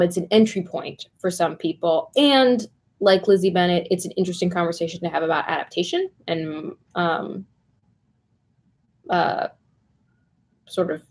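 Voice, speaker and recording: Woman chatting on a livestream, lots of ums, lively and loose. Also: lowish voice. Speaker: co-host. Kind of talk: casual livestream chat.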